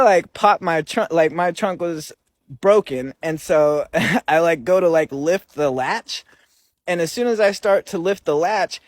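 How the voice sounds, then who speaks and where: A man with a fairly high voice tells a personal story in a loose, easygoing way. He leans on filler words and keeps the tone conversational. The recording is dry and close, with no room echo. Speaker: recovery vlogger.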